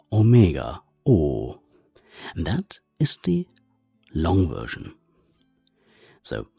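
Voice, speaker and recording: Slow, gravelly deep-voiced man teaching. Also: warm tone, dry recording, clean studio sound. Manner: methodical, spells out letters and sounds. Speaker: language teacher. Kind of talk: explanatory lesson.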